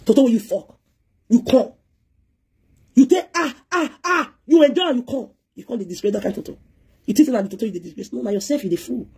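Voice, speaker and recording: A woman's voice: fairly high pitch, animated, very fast, dark tone, husky. A woman with a Nigerian Pidgin accent, giving a heated, scolding live-stream rant as a presenter, switching between pidgin and English.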